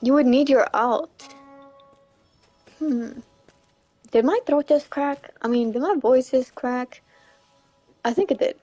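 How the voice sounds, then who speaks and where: Young female streamer, high and unhurried, chatty with squeals of excitement, faint game music underneath. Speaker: livestreamer. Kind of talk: casual gameplay livestream chat.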